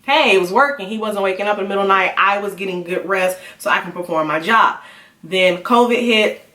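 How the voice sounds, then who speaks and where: A woman's voice: medium pitch, a little fast, sharp tone. A young woman, a mother telling a candid personal story on her vlog in a conversational, confessional way. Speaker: mom vlogger. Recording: roomy, a bit far from the mic.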